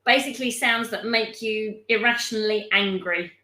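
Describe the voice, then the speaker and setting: A woman's voice: fairly high pitch, normal speed, sharp tone. A woman chatting casually as co-host, laughing often and poking fun at herself. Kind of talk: casual chat. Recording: echoey room.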